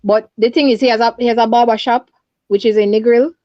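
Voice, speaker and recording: Jamaican woman caller, high voice, urgent and repetitive, dull phone line. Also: fairly even intonation, fast, no echo. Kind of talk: distressed phone interview.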